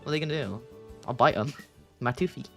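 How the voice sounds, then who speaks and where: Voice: mid-range voice, quick pace, a bit bright, faint music behind. A streamer who reads a text game aloud, giggling often and chatting along.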